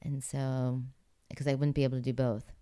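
A Pittsburgh actress and former figure skater chats as an interview guest, telling stories casually and laughing often. She has a bass voice with a flat delivery, a moderate pace, and a warm, smooth tone.

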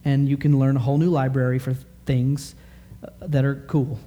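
Animated man preaching with a mellow voice. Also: medium pitch, normal speed. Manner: animated, conversational preaching with rhetorical questions. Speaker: pastor. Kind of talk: sermon.

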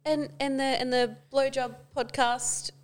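A woman with a slightly high voice co-hosting a relaxed podcast. She backs up her friend with quick "yeps" and cheeky, teasing asides. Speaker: podcast co-host. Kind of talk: casual chat.

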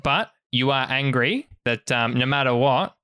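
A man's voice: medium pitch, unhurried, pushed and bright, clean tone. Male game master, casual, laughing narrator.

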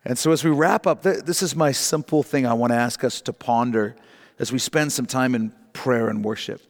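A middle-aged man preaching a sermon, emphatic and rising in pitch on key points, slowing down to read scripture aloud. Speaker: pastor. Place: church sanctuary. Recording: long hall reverb.

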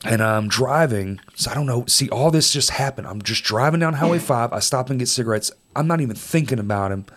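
A man telling a personal story in casual chat, swearing freely and dropping to quiet, low tones at heavy moments. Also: lively intonation, fairly quick, few pauses. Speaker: storyteller in conversation.

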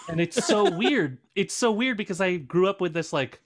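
A man in casual podcast chat, playful and quick to laugh, now and then slipping into silly voices. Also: sits high, animated. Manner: playful, laughs often, slips into character voices.

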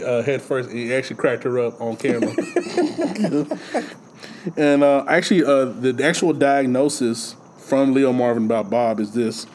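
A man chatting casually about a film, animated and acting out lines with big jumps in his voice. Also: medium pitch, a little hiss or hum, low-quality recording. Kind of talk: casual movie chat.

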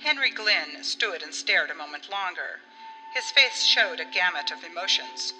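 A woman narrating an audiobook story in an expressive way, acting out the dialogue. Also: lowish voice, moderate pace. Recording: long reverb with faint music.

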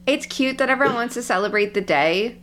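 A woman's voice: on the high side, expressive, a little fast, fairly bright tone, a little hiss or hum. A woman co-hosting a casual podcast, emphatic and swearing freely as she tells stories. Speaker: podcast co-host.

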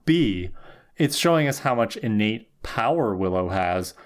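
A man's voice: lowish voice, lively intonation, a little slow. A man co-hosting a casual chat, asking questions and breaking things down analytically, with a lot of "like". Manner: inquisitive, analytical, says "like" often. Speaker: podcast co-host.

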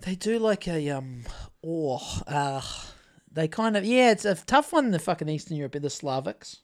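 Lively swearing Kiwi man. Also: fairly high pitch. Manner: swears a lot, halting restarts. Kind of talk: casual podcast banter.

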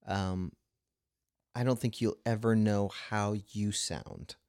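Low-voiced man, rambling. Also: fairly even intonation, takes it slowly, darkish tone, smooth, no echo, studio quality. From United States. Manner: rambling, frequent restarts, laughs while telling anecdotes. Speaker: podcast co-host. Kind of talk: casual conversation.

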